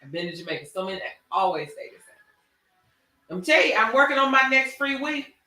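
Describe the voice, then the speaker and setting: A man's voice: very high-pitched, very animated, fast, bright, forceful tone, distant mic. A man hosting a casual chat, telling stories animatedly with a drawling, slangy delivery. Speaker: podcast host. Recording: echoey room.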